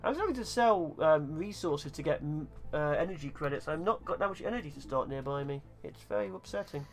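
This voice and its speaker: A man's voice: on the high side, expressive, fast, faint music behind. A man streaming a strategy game with friends, chatting casually and teasing them with sarcastic remarks. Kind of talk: casual gaming chat.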